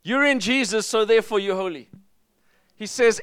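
Pastor, male, lively preacher who mixes in jokes; high, smooth voice, close and dry. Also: normal speed, no echo. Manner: energetic, emphatic preaching with jokes. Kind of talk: sermon.

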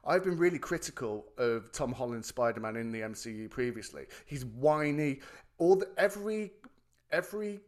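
A man's voice: medium pitch, animated, normal speed. A man co-hosting a podcast, chatting about films animatedly and swearing freely. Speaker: podcast co-host. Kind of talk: casual film chat.

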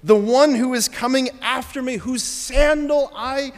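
A man's voice: very high-pitched, a little slow, voice pushed up. A priest acting out a joyful male prophet who announces someone's coming with rising, eager proclamation, heard in a reverberant church. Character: John the Baptist, joyful excited male prophet.

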